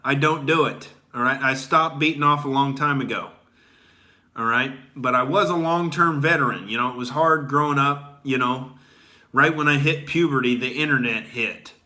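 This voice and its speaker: A man's voice: mid-range voice, normal speed, pushed and bright. A man hosting a comedy commentary show, ranting crudely and rambling with lots of filler words. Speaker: comedian host.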